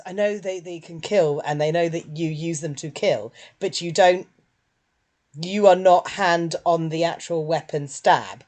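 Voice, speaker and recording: A woman co-hosting a casual film review chat, animated and quick to put on silly voices. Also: lowish voice. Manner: animated, puts on silly voices when quoting. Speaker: podcast co-host.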